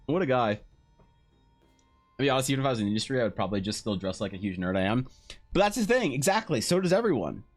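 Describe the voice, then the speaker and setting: A man's voice: medium pitch, big pitch swings, racing, soft background music. Rambling young man telling a story. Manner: rambling storyteller, swears, acts out dialogue. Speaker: streaming artist. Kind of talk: casual chat on a live art stream.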